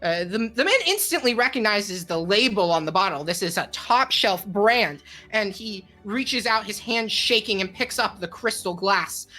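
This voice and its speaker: A woman narrating a tabletop game as game master, slowly and vividly, with frequent fillers. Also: medium pitch, expressive, sharp tone, soft background music.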